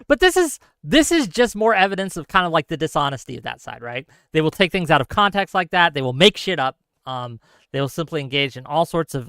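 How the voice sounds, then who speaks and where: Animated, heated man hosting a call-in. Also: fairly high pitch, clear, resonant tone, dry recording, studio quality. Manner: heated and argumentative, rants at length. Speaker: call-in show host. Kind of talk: live call-in show hosting.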